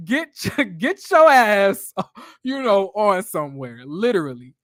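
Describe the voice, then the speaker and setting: A woman's voice: medium pitch, very animated, slow pace, a bit bright, dry recording. Woman recapping a reality show, blunt and chatty, lots of laughing and cussing, dry close sound. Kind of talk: casual episode recap commentary.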